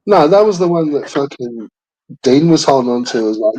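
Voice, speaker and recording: A man in a casual chat, relaxed and swearing freely as he tells stories. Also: mid-range voice, normal speed, low-quality recording. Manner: swears freely, laid-back banter.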